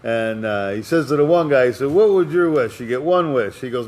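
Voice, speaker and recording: A man's voice: medium pitch, a little fast, few pauses. A man co-hosting a podcast, chatting casually and telling jokes with lots of laughter. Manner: animated joke-telling, laughs often. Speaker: podcast co-host. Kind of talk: casual chat.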